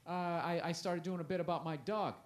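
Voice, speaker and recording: Rambling man, slightly high voice. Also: fairly even intonation, a little fast. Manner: rambling, self-deprecating, trails off and restarts. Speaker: stand-up comedian guest. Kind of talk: casual interview chat. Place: comedy festival interview.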